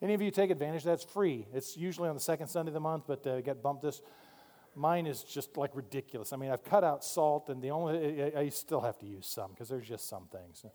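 A man preaching a sermon from a church pulpit, animated, moving between quiet asides and loud emphatic points. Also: fairly high pitch, quick pace. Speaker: pastor. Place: church sanctuary. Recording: long hall reverb.

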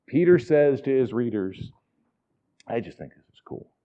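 A man's voice: mid-range voice, expressive, normal speed, highs cut off. A man preaching a sermon in a conversational, enthusiastic teaching manner with asides. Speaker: pastor.

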